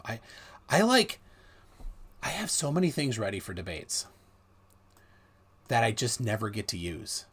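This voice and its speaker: Animated husky-voiced man rambling on a livestream. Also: mid-range voice. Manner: animated, rambling, with many restarts. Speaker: livestream host. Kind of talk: casual livestream talk.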